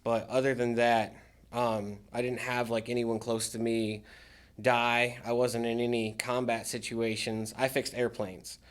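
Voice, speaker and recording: A man's voice: mid-range voice, flat delivery, measured pace. A man speaking as a podcast guest, a military veteran talking candidly about his recovery with dry sarcastic humor. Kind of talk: candid casual interview talk.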